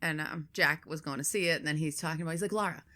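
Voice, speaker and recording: Fast-talking, bright woman. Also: deep voice. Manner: dry, quick storytelling, quotes family in full. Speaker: podcast co-host. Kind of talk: casual chat.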